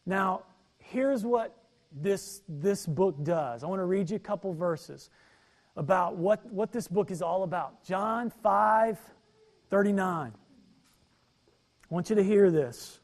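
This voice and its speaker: A male pastor delivers a sermon in a high voice at an unhurried pace. He reads verses aloud and drives home his main points by repeating them.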